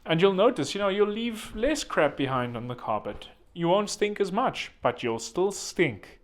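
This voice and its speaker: A man's voice: high voice, very animated, moderate pace. Man with crude, rambling jokes. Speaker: host. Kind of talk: comedic self-help monologue.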